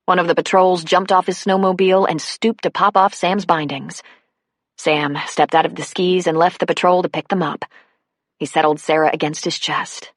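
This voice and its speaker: A woman narrating an audiobook in a steady, unhurried reading. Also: lowish voice, no echo, clean studio sound. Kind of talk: scripted narration.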